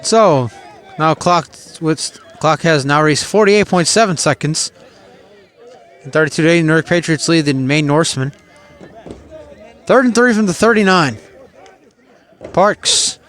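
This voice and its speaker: A man's voice: a little high, lively intonation, unhurried, pauses often, a bit bright. A man calling a live football game play by play, chatty and openly puzzled by the coaching decisions. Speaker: play-by-play announcer.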